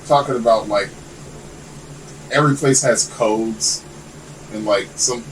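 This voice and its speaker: A man's voice: on the low side, slow pace. A man guesting on a podcast, telling long, rambling stories in casual, profane chat. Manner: rambling, animated storytelling with lots of swearing. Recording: distant mic with faint air-conditioner hum.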